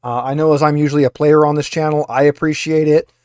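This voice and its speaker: Game master, male, a touch high voice, dry close sound, loose and rambling delivery. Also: fairly even intonation, quick pace, darkish tone, smooth, no echo. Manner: rambling, many filler uhs. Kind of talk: narrating a tabletop game over a video call.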